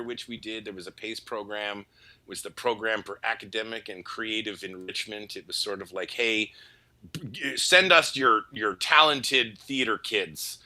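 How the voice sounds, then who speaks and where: A man from Canada, a voice actor guest, telling stories in a casual interview, playful and quick to slip into voices. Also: fairly low pitch. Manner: animated, playful, breaks into voices.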